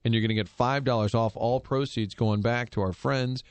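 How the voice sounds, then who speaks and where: A man's voice: medium pitch, steady tone, normal speed, no echo. A male sports radio host who chats casually and jokes with his co-hosts. He reads sponsor plugs in an upbeat way. His voice sits in the middle of the male range and sounds dry and close in the studio.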